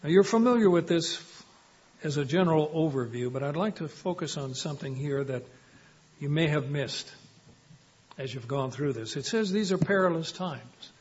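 A man preaching a sermon, measured and emphatic, often quoting scripture. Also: on the high side, animated, a little mellow, husky. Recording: dull lo-fi recording.

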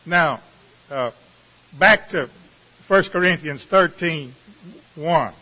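A man preaching a sermon, reading scripture slowly with dramatic pauses before explaining it with dry asides. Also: a little high, bright, forceful tone. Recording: muffled, reverberant hall sound.

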